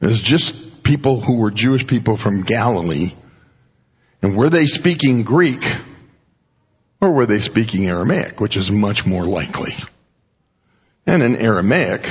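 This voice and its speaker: A man preaching in a big, echoing sanctuary, his husky voice carried on a slightly dull recording. He speaks with earnest emphasis and repeats key words to drive them home. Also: medium pitch. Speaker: pastor. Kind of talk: expository sermon. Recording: dull audio with long hall reverb.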